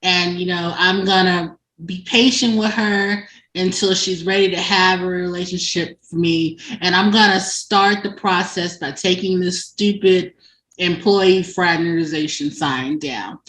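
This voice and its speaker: A woman's voice: fairly low pitch, fairly even intonation, measured pace, fairly bright tone. A woman voicing a patient, lovesick man thinking aloud in an earnest, plain tone. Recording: echoey room.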